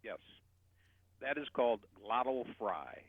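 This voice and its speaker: A man explaining voice technique as a guest voice coach, animated and shifting his loudness to demonstrate. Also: mid-range voice, takes it slowly, creaky, dry recording. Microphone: telephone. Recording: tinny phone line.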